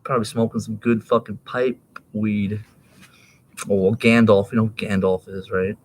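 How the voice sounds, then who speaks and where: A man's voice: on the low side, little pitch movement, moderate pace, slight background noise. A man in his thirties rambling in a casual, profane monologue, laughing and jumping between topics.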